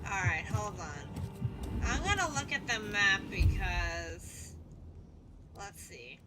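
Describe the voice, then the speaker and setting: Her pitch is medium and she's highly animated yet takes things slowly, in a very noisy recording. Streaming a game over its music, the woman banters playfully, swears without restraint and mutters asides as casual gameplay commentary.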